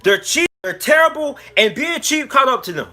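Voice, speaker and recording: A man's voice: very high-pitched, very animated, normal speed, pushed and bright. A man giving a heated, angry rant about football on his sports channel, repeating his points. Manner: angry, heated, repetitive ranting. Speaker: sports YouTuber. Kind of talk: ranting sports commentary.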